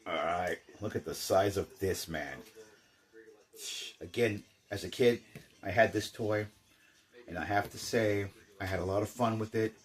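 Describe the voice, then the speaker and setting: A man's voice: fairly low pitch, unhurried, pauses often. An older man chatting casually through a toy unboxing, rambling with jokey asides. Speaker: toy collector.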